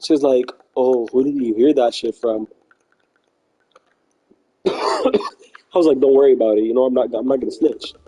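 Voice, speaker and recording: A man with a very dark, mellow tone and a husky edge tells a story in a loose, slangy ramble. He keeps looping back with "I was like" and "she's like" as he acts out both sides of the talk. It sounds like casual chat on a live stream. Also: mid-range voice, moderate pace, pauses often, poor audio. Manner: rambling and slangy, repeating himself and quoting others.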